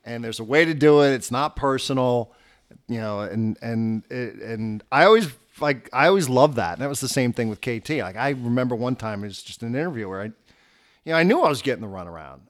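A man's voice: mid-range voice, brisk. A man talks baseball in a casual sports chat, his voice rising and falling widely as he acts out what others said. He speaks as a radio host trading stories with colleagues. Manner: animated storyteller, acts out quotes.

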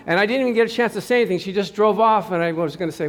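A male pastor preaching a sermon with a notably high voice. He tells personal stories in a chatty, easygoing way and keeps calling out to the congregation for responses. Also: rapid-fire, hardly any pauses. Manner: chatty storytelling with crowd call-outs.

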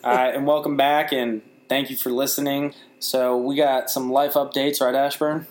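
A man's voice: medium pitch, flat delivery, moderate pace. A young man co-hosting a podcast, telling stories in casual chat, laughing often and acting out family members' voices. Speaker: podcast co-host.

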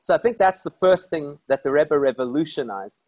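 Male rabbi, animated storyteller, a touch high-pitched, dry close sound. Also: a little fast, no echo. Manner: animated, emphatic storyteller with rhetorical questions. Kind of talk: inspirational storytelling talk.

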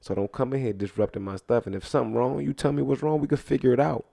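A man co-hosting a podcast, from Jamaica, bantering playfully and putting on a loud, mock-stern teacher act. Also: mid-range voice, fast talker, gravelly. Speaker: podcast co-host.

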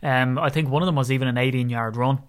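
A man's voice: fast talker, clear, resonant tone. A man co-hosting a casual sports podcast, joking and exaggerating as he talks. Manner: animated, joking, exaggerating with rising pitch. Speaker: podcast co-host.

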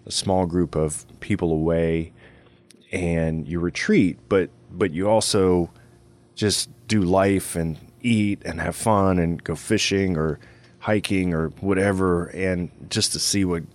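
A man's voice: low-pitched, fairly even intonation, takes it slowly. A man from Louisiana with a Cajun accent, hosting a casual radio and podcast chat, talking loosely with lots of "you know". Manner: conversational, rambling with frequent "you know".

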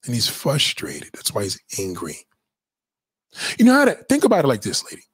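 A man with a husky voice holds forth on his livestream, emphatic and preachy, swearing freely. The sound is close and dry, with no room around it. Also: medium pitch, wildly swooping pitch, fairly quick, a bit bright, dry recording. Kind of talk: casual livestream monologue.

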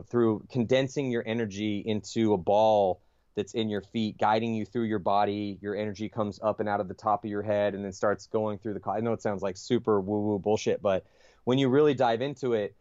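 Low-voiced man telling a rambling story. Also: steady tone, fairly quick, a little mellow, no echo, highs cut off. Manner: profane, rambling, lots of fillers and restarts. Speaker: podcast guest. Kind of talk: casual storytelling.

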